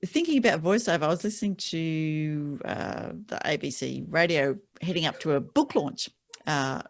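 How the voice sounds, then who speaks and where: Lively low-voiced woman host. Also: moderate pace. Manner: enthusiastic, encouraging interviewer. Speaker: podcast host. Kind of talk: casual interview chat.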